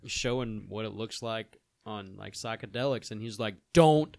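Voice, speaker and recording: A man, a guest on a casual podcast chat, animated and quick to laugh. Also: lowish voice, gravelly, no echo, clean studio sound.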